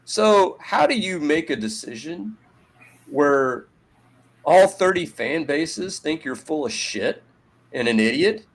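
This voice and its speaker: A man co-hosting a sports podcast, ranting in a profane, sarcastic way with loud jumps in pitch. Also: expressive, slow pace. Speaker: podcast co-host. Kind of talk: heated sports talk.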